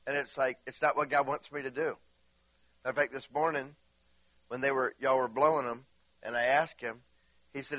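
A man's voice: mid-range voice, fairly even intonation, normal speed, pushed and bright, no room sound. A man preaching a casual, rambling sermon to a church, often asking the congregation questions. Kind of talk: conversational sermon. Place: church sanctuary.

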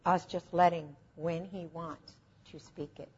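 A woman's voice: lowish voice, fairly even intonation, measured pace, breathy edge, muffled recording. A woman preaching an informal teaching sermon, telling stories in an earnest, conversational and self-deprecating way.

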